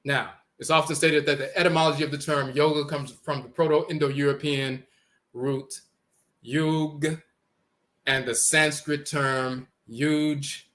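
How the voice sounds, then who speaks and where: A man gives a lecture on how words change, with a bright, forceful edge to his voice. He talks deliberately, spells out letters and says each word twice. He points to text on a screen as he goes. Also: a little high, level tone. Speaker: lecturer on language origins.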